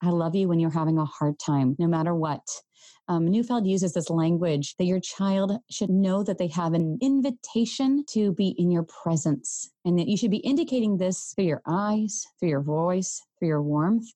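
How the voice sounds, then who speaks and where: A woman in her thirties hosting a parenting podcast, talking earnestly and gently straight to her listeners. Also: on the low side, moderate pace, dry recording. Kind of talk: solo podcast talk.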